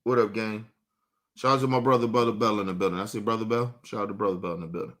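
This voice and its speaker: A man's voice: on the low side, steady tone, fast talker, a bit bright. A man hosting a livestream, ranting combatively and profanely while talking straight to his chat. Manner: combative, profane, mocking, addresses chat directly. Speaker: livestream host. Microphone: streaming setup mic.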